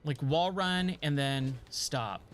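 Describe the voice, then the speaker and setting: A man's voice: a little high, slow, fairly bright tone, a little hiss or hum. Chatty man narrating his gameplay. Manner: chatty, joking, talks to himself while playing. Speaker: gaming streamer. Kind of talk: casual let's-play commentary.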